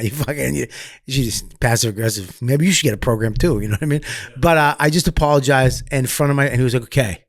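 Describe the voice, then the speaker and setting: A man, a comedian guest on a podcast, telling candid stories in a profane, animated way, swinging between loud bursts and quiet asides. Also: mid-range voice, fast talker, dry recording, clean studio sound. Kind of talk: candid storytelling.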